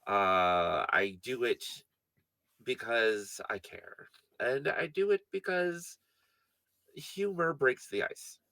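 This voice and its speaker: A man's voice: mid-range voice, animated, takes it slowly, creaky, bright, forceful tone, dry recording, exaggerated voice. Brief: man playing a heartfelt, defensive young hero, slightly slurred, close dry sound. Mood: earnest. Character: earnest young male adventurer, blunt, devoted to a friend. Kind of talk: tabletop role-play character voice.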